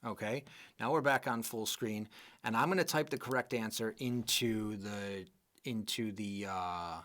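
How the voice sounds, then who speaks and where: A man's voice: lowish voice, measured pace, fairly bright tone. A man teaching a live online English exam class, explaining patiently and often checking in with "okay?" and "right?".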